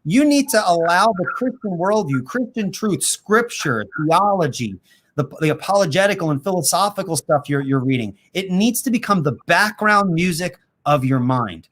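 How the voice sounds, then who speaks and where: A man on a video call answers viewer questions in a casual, chatty way. His voice is fairly high and swings up and down a lot. He talks quickly, with fillers and easy laughs. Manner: animated, quick, laughs easily, many fillers. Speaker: host and apologetics teacher. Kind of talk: casual livestream interview.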